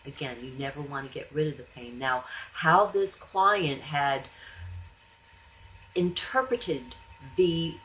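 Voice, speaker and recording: A woman's voice: low voice, takes it slowly, poor audio. A woman hypnotherapist telling a client story in a chatty way, acting out the people she quotes. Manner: chatty, animated when quoting others. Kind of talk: storytelling monologue.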